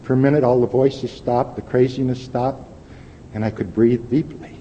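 A man's voice: fairly even intonation, normal speed, dark tone. An older man speaking at a recovery meeting, giving a plain-spoken, wry and candid personal testimony. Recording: lo-fi echoey hall with faint rumble.

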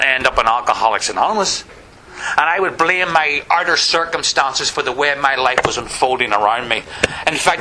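A middle-aged man from Northern Ireland tells his own story in a wry, rambling way, dropping "you know" again and again. His voice sits a little high for a man. A clear hiss of noise runs under the whole recording. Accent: Northern Irish. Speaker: recovery meeting speaker. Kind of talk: personal testimony talk.

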